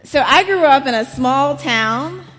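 Woman preacher, middle-aged, slow unhurried storytelling, slightly high voice, long church reverb. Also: expressive, fairly bright tone. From South Carolina, US. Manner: slow, storytelling sermon delivery. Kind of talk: sermon. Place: large church.

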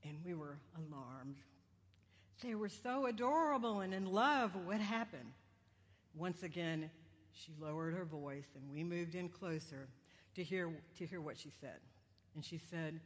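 A woman's voice: fairly low pitch, expressive, a little slow. A woman preacher giving a sermon in a conversational, self-deprecating way, with wandering humorous asides. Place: church sanctuary. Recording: long church reverb.

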